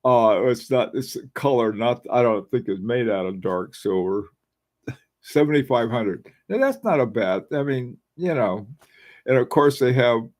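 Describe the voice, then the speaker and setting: Slow-talking man musing about watches. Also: mid-range voice, darkish tone. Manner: rambling, musing, frequent fillers and restarts. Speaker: watch channel host. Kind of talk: casual live-stream chat.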